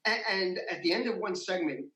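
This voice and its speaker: A man, an interview guest, telling a story in a casual, animated way, his voice rising high when he gets worked up. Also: a little fast, echoey room, low-quality recording.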